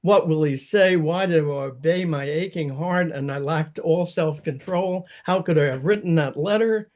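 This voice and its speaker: A man's voice: on the high side, moderate pace, a little mellow, highs cut off, natural voice. A man reading aloud the lines of an anxious, lovesick young woman from an opera libretto.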